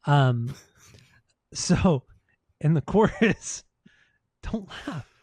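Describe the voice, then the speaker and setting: A man's voice: a little high, lively intonation, extremely slow, darkish tone, husky, dry recording. Enthusiastic, swearing podcast co-host man. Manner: enthusiastic, swears freely, repeats himself. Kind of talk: casual music podcast chat.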